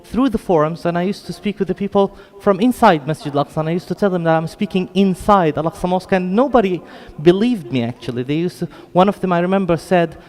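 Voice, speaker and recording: Speaking fast with hardly any pauses, this man has a high-sitting, darkish voice and a British-tinged accent; he's from Jerusalem. As a guest lecturer in a large Islamic center hall, he addresses the mosque audience earnestly and chattily with apologetic asides, the long hall echo audible.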